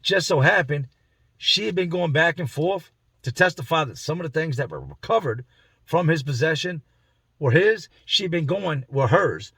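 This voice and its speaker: Man, casual slangy storytelling, husky, dry close recording. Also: fairly high pitch, lively intonation, moderate pace, a bit bright, no room sound. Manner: slangy, conversational, acts out the voices in his story. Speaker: vlogger telling a prison story. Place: inside a car.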